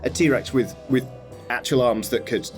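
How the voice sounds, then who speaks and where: A man narrating a tabletop game as game master, describing things in a halting, rambling way. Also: mid-range voice, darkish tone, soft background music.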